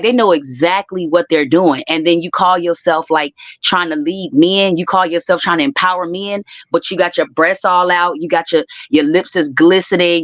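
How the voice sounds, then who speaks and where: A woman's voice: fairly low pitch, no room sound. A woman on a live stream panel, giving blunt, opinionated views in a casual way. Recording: dull lo-fi call audio.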